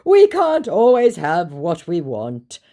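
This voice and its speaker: A woman voicing a sappy, smooth-talking male romance scammer who drags out his pleading lines. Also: medium pitch, big pitch swings, unhurried, darkish tone, voice pushed up. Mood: syrupy pleading.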